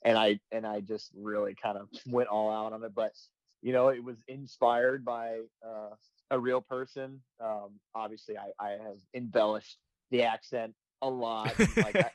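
A man in his twenties, a firefighter and comedy video creator, chatting casually and breaking into loud quoted voices as he tells stories. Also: lowish voice, dry recording, rough recording. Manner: animated storytelling, jumps into loud quoted voices. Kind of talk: casual podcast chat.

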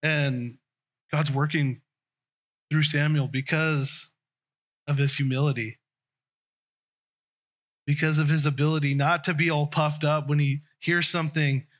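A man's voice: a little high, steady tone, unhurried, pauses often. A man preaching a conversational sermon, often restarting and trailing off mid-sentence.

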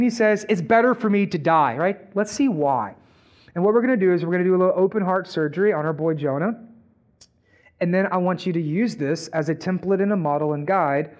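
A male pastor preaching a sermon in an animated way, firing rhetorical questions at the congregation, on a dull lo-fi recording. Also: a little high. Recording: dull lo-fi sound.

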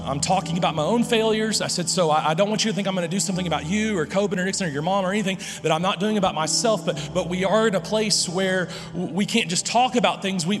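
A man's voice: high-pitched, in a large hall. A middle-aged man preaching a sermon, telling a family story with frequent restarts and quoted dialogue. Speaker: pastor.

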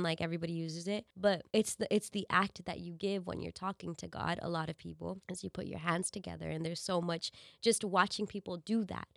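A woman's voice: on the low side, gravelly, no room sound, clean studio sound. A woman hosting her podcast with a cold, her voice nasal and congested, talking candidly and casually with some swearing. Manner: candid, profane, chatty. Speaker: podcast host and radio DJ. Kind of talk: casual solo podcast talk.

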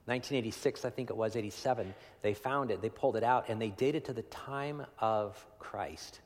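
A man preaching a sermon in a conversational way, often asking "right?" and swinging between loud emphasis and hushed, near-whispered lines. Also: mid-range voice, a little fast. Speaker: pastor. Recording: long hall reverb.

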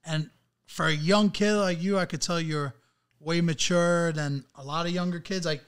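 A man's voice: fairly high pitch, steady tone, moderate pace, clear, resonant tone. A man hosting a casual podcast, talking loosely and often repeating himself. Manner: loose, repeats words, praises the guest. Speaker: podcast host.

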